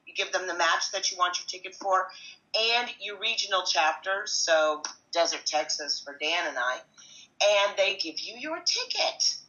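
A woman who organizes tickets for a supporters' club, telling stories in a chatty, animated podcast style. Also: fairly low pitch, moderate pace, highs cut off. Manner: chatty, animated, retells conversations with asides. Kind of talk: casual podcast storytelling.

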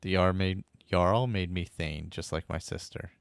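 Very deep-voiced man telling a story. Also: fairly even intonation, a little slow, gravelly, no echo, studio quality. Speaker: podcast storyteller. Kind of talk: first-person storytelling narration.

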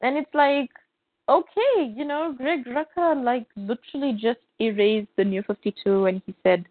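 Speaking at a fairly high pitch and moderate pace, a woman on a podcast she co-hosts recaps a comic with lots of energy, acting out the characters' quotes. No room sound is present, and the audio has a thin, phone-like tone.

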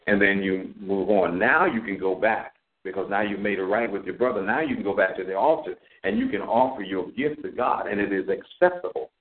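A man preaching a Bible lesson on a community call, reading scripture slowly and deliberately. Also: fairly low pitch. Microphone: call audio. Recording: narrow phone-line sound.

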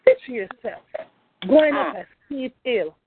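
A woman's voice: sits high, animated, unhurried, background noise. A woman pastor preaching a fervent sermon, repeating phrases and calling out praise. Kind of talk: sermon over a phone line. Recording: tinny phone line.

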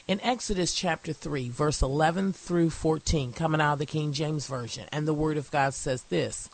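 A woman's voice: low-pitched, moderate pace, few pauses. A woman pastor and evangelist preaching an internet sermon, reading scripture aloud and stressing key words.

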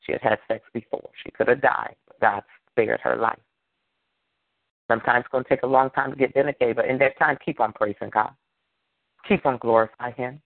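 A man's voice: medium pitch, no room sound. A man preaching a sermon as pastor, emphatic and repetitive, drawing call-and-response from the congregation. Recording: tinny phone-like dry sound.

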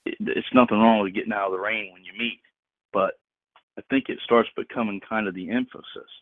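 A man's voice: on the low side, steady tone, brisk, no room sound. A man preaching informally to a group on a call, emphatic and slangy, repeating words for stress. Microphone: phone. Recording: tinny dry phone line.

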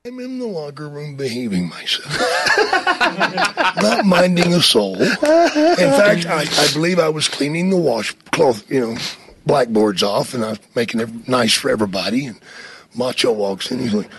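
A man telling a profane backstage anecdote in an animated way, acting out the dialogue. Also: on the high side, moderate pace. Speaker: storyteller in archive clip.

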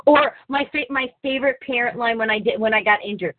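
A woman's voice: on the high side, quick pace, no room sound. A woman hosting a casual online talk show, laughing often and poking fun at herself. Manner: laughs often, self-mocking. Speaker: podcast host. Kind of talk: casual chat. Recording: tinny phone-like sound.

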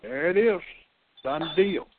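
A man's voice: high voice, animated, slow. A man with an East Texas accent, a chat line caller arguing emphatically and lecturing, often repeating himself. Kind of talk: heated phone argument. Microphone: telephone. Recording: tinny phone line with static.

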